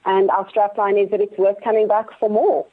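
A woman's voice: mid-range voice, level tone, fairly quick. Woman on a phone line. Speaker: guest from a charity. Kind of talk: radio interview.

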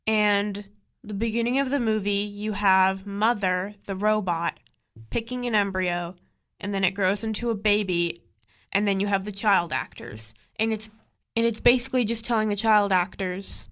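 A woman's voice: medium pitch, steady tone, normal speed, fairly bright tone. A woman in a casual podcast chat, summarizing a film plainly and matter-of-factly, with frequent fillers.

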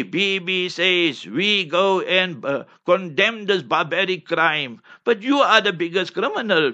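Man, forceful tense delivery, fairly high voice, fiery religious talk, dull lo-fi sound. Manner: fiery, declamatory, keeps repeating "remember". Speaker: religious speaker.

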